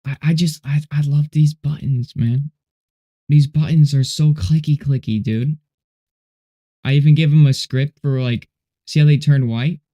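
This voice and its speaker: A man's voice: on the high side, fairly even intonation, a little slow, mellow. A man hosting a casual livestream while coding, rambling and laid-back, often saying "dude" and "you know". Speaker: livestream host.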